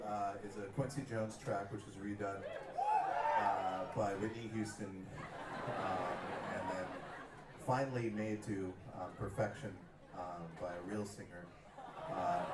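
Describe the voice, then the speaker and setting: A man's voice: fairly low pitch, heavy background noise. A man doing live stage banter with a crowd in a playful, absurd, mock-serious way. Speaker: comedian-musician on stage. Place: concert stage before an audience. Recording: echoey live venue, far mic, loud crowd.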